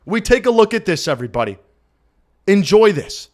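High-pitched guy hosting a fan postgame stream from home, super hyped, yelling and cheering. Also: sing-song, moderate pace. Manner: hyped, shouting, loud cheering bursts. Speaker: fan postgame show host. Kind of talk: excited livestream recap. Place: his apartment.

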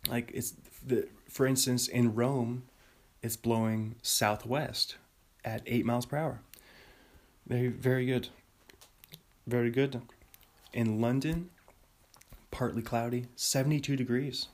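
A man's voice: medium pitch, steady tone, unhurried, pauses often, a little mellow. A man hosting a solo podcast in a rambling, self-amused way, often laughing at his own jokes. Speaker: podcast host.

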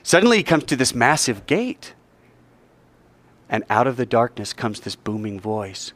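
This school chapel speaker has a mid-range voice and keeps a measured pace. He delivers a sermon to students in a lively, chatty way, weaving in a story and asking the audience questions.

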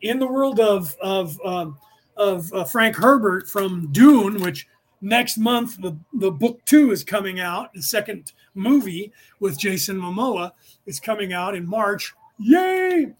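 A middle-aged man from the San Francisco Bay Area, with a voice notably high for a man, hosts his podcast by racing through a casual spiritual class. His rapid, rambling delivery jumps from thought to thought with restless energy.

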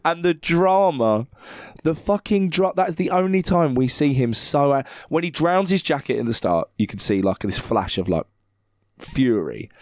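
A man's voice: fairly high pitch, expressive, normal speed, no echo. Guy on a film podcast, swears a lot, laughs, does the characters' voices, dry close sound. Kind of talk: casual film discussion.

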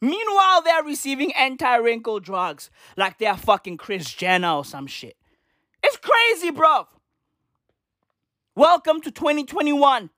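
A woman rants for laughs in a fairly high voice that swoops all over the place, stacking slang on swearing with emphatic insistence. The sound is dry and close, with no room around it. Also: wildly swooping pitch, a little slow, fairly bright tone, no echo. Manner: slang-heavy, profane, emphatic. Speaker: comedic ranter. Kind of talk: comedic vlog rant.

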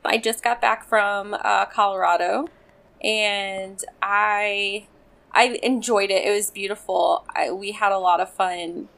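A woman's voice: mid-range voice, steady tone, slow, creaky, a bit bright. Rambling, resonant-voiced woman co-host. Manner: rambling, self-deprecating storytelling with many restarts. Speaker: podcast co-host. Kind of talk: casual chat.

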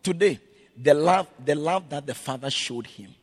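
A man preaching a sermon as pastor, swinging between loud shouted lines and quiet, low storytelling. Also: normal speed, slightly rough.

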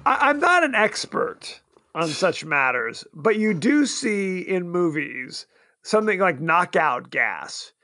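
A man's voice: high-pitched, big pitch swings, slow pace, sharp tone, dry recording, clean studio sound. A man co-hosting a podcast, chatting casually in a playful, mock-dramatic way. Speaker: podcast co-host. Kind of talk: casual chat.

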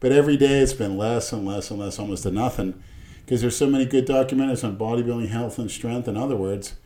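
A man's voice: mid-range voice, fast, dark tone. A man in a casual podcast chat who talks in a blunt, crude, meandering way.

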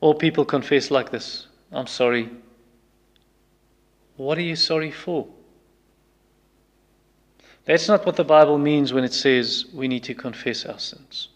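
A man's voice: on the high side, unhurried, long pauses. A man preaching a sermon with emphatic repetition, acting out people's excuses in quoted voices. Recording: long reverb of a hall.

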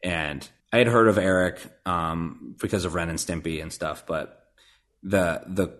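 Speaking at a measured pace, this Nebraska-born man has a deep, somewhat bright voice. A voice actor guesting on a podcast, he keeps things casual and self-deprecating, rambling and often restarting amid many fillers.

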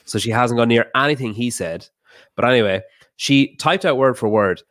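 A man talking as a podcast guest, telling a heated story fast and swearing often. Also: mid-range voice, fairly bright tone, dry recording, clean studio sound. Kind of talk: casual podcast chat.

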